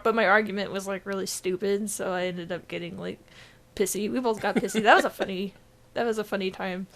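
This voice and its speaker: A woman's voice: mid-range voice, steady tone, brisk. Giggly rambling woman podcaster. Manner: rambling, giggly, lots of fillers and restarts. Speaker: podcast co-host. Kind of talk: casual podcast chat.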